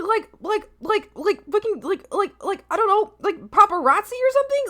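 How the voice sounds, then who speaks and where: A woman's voice: very high-pitched, big pitch swings, moderate pace, hardly any pauses, fairly bright tone. A young woman streamer chatting casually, giggling often and swearing freely while she eats. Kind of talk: casual livestream chat.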